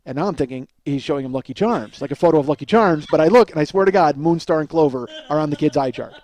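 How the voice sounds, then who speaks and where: A man's voice: fairly high pitch, quick pace, a little mellow. A man hosting a podcast, telling a comic story in a profane, exasperated ranting way. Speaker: podcast host. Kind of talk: comedic storytelling monologue.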